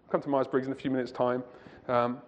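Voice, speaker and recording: A man's voice: mid-range voice, level tone, fast, in a large hall. A man giving a conversational lecture to a church audience as a Christian conference speaker. He asks the audience rhetorical questions and digresses, heard in a muffled recording.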